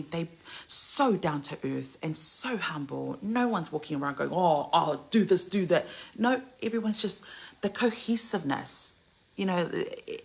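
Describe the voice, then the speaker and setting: A middle-aged woman from Samoa chats casually to camera about people she admires. Her voice sits a little low, with a husky, gravelly grain, and she gushes in bursts, leaping up high on exclamations before sinking into hushed asides. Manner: gushing, animated storytelling with sudden high exclamations and whispered asides. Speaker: singer and entertainer vlogger.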